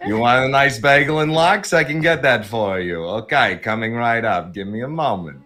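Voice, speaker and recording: A man's voice: medium pitch, expressive, normal speed, bright, forceful tone. A man putting on a chummy old Brooklyn deli guy. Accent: put-on old Brooklyn.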